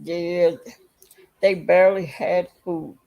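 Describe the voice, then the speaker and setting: Slow, gravelly-voiced woman chatting on a livestream. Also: fairly low pitch, steady tone, phone-quality sound. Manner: rambling, talks straight to her viewers. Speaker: livestream host. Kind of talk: casual livestream chat.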